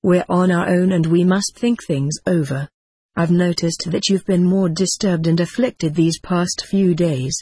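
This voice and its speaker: A woman voicing an ailing, devout widowed mother who speaks slowly and tenderly, read as part of an audiobook. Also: on the low side, steady tone, warm tone, husky, no echo. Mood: anxious. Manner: slow, tender, pleading. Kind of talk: audiobook character reading.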